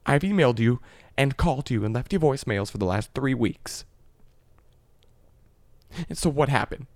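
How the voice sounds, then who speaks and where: A man's voice: medium pitch, expressive, moderate pace, no room sound, lightly acted. A man putting on the voice of a jilted, angry young woman leaving voicemails, pleading and repeating herself. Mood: furious. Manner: pleading then snapping, repetitive.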